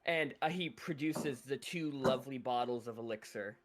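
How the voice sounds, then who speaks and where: A man in a tabletop role-play session, speaking as a smooth-tongued merchant full of flattering sales talk. His voice sits at an ordinary pitch, and faint music plays behind him. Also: normal speed. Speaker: player.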